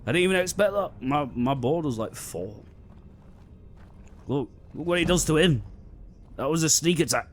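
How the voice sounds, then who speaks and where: A man's voice: fairly high pitch, expressive, fairly quick. A young man giving casual, rambling commentary on his gameplay, joking and swearing freely, into a desk microphone. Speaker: gaming video host. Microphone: desk microphone on a magnetic mount.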